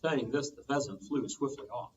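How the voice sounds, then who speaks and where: A man, a children's librarian, reading a storytime tale aloud with lively sound effects, heard from a distance on muffled audio. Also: medium pitch, moderate pace, slight background noise.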